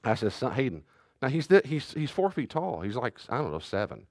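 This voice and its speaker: A man's voice: mid-range voice, very animated, fairly quick, darkish tone, no room sound, clean studio sound. A middle-aged man, a pastor, giving a teaching talk on parenting and acting out the voices of a child and a parent as he tells stories.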